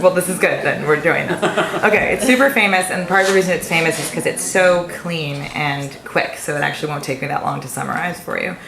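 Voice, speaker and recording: Low, gravelly-voiced woman, chatty storyteller. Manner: chatty, animated storyteller with quick asides. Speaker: visiting author. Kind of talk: casual talk and Q&A at a reading. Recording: echoey room with faint hiss.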